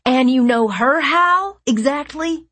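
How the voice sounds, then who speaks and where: A woman voicing a furious, hoarse young man who shouts accusations at his friend, his voice strained and raspy. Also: high-pitched, slow pace, dry recording, exaggerated voice. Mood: angry.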